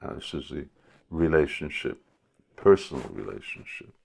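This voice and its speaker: A man telling a devotional story as a spiritual teacher in a sermon, unhurried and hesitant, with many pauses. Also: rumbling low, expressive, creaky, slight background noise.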